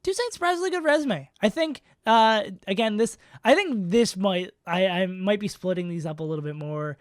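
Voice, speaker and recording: A man's voice: high-pitched, expressive, moderate pace, no echo, studio quality. A man streaming live, casually talking through player rankings in a rambling, self-mocking way. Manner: rambling, self-mocking, many fillers and restarts.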